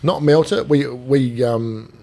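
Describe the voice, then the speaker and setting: A man's voice: medium pitch, slow, creaky. A middle-aged Australian man, a gold dealer, chatting on a podcast and telling stories with acted-out voices. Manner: animated storyteller, acts out quoted voices. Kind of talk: casual podcast chat.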